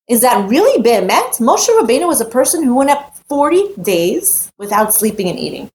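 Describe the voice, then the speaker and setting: A woman's voice: a little high, very animated, moderate pace, a little mellow. A woman giving a heartfelt, emphatic personal Torah talk, repeating phrases and mixing in Hebrew terms. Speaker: Torah teacher.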